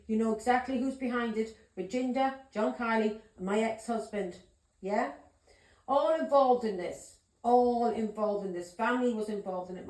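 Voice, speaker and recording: A woman's voice: on the high side, a little mellow, reverberant, poor audio. A woman giving a tarot reading to her viewers, talking in an insistent, repetitive, accusing way. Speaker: tarot reader.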